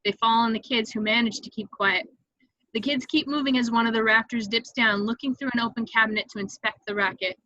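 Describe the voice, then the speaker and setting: A woman reading stage directions aloud in an amateur online table read, brisk and vivid, with occasional slips she corrects. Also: fairly high pitch, fairly even intonation, pushed and bright, no echo, dull audio.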